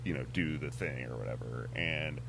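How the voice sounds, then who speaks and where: A male comedian as an interview guest, talking in a relaxed, rambling way with lots of fillers and frequent laughs. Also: extremely low pitch, moderate pace, gravelly, background noise. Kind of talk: casual interview chat. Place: music venue on tour.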